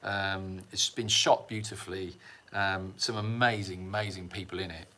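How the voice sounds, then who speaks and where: A middle-aged man chats loosely to his viewers, drifting off topic and laughing at his own jokes. His voice sits fairly low but comes across bright and forceful. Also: steady tone, normal speed. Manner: rambling, self-mocking, chuckles often. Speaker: sanctuary livestream host. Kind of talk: casual livestream chat.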